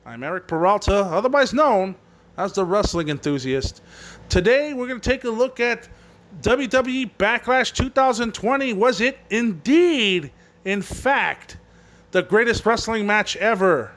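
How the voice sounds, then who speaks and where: Man, high-pitched, casual podcast talk, rambling, swears freely. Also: animated, unhurried, a bit bright. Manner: rambling, profane, fillers. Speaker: podcast host.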